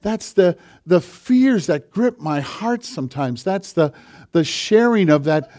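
Impassioned preacher with a slightly high voice. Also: male voice, expressive, unhurried. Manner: impassioned, swinging from forceful to hushed. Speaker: pastor. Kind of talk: sermon.

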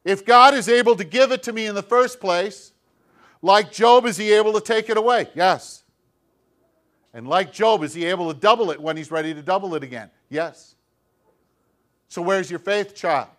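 Man, middle-aged pastor, higher-pitched voice, chatty sermon, rhetorical questions, self-deprecating. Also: moderate pace, fairly bright tone.

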